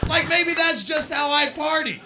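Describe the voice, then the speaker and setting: A man with a strikingly high voice works a club stage, ranting through crude stories and barking out punchlines. His handheld mic catches the loud crowd laughter rolling under every bit. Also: expressive, moderate pace, background noise. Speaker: stand-up comedian. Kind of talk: live stand-up set. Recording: live club set with loud audience laughter.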